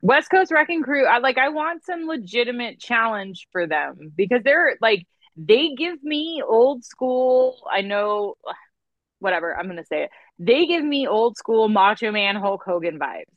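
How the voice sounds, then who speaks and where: A woman's voice: fairly high pitch, animated, measured pace, no room sound, highs cut off. A woman co-hosting a podcast in casual chat, chatty and giving emphatic opinions. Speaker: podcast co-host.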